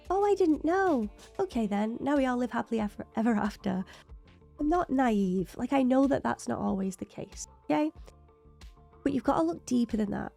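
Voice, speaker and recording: A woman's voice: mid-range voice, vocal fry, warm tone. A woman hosting a TV reaction video, talking through her thoughts in long rambling runs while losing her voice. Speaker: reaction channel host. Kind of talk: TV reaction commentary.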